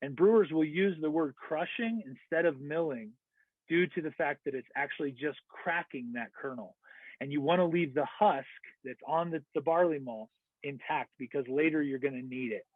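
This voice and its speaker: A man's voice: a little high, moderate pace, no room sound. An American man giving an online lecture, explaining step by step with fillers and self-corrections. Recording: tinny phone-like dry audio.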